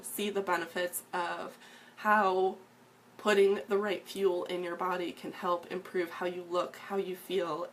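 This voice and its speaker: A woman's voice: fairly low pitch, fairly bright tone, slight background noise. A woman in her thirties telling her personal story as a fitness coach, earnest and filled with ums and restarts. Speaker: fitness coach sharing a testimonial. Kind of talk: casual personal story to camera.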